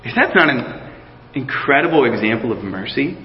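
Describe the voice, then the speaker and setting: A man's voice: medium pitch, very animated, normal speed. A man giving a sermon in a loose, conversational way, restarting phrases and asking the congregation questions. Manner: conversational preaching with many restarts and asides to the congregation. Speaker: pastor. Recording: roomy hall sound, slightly dull.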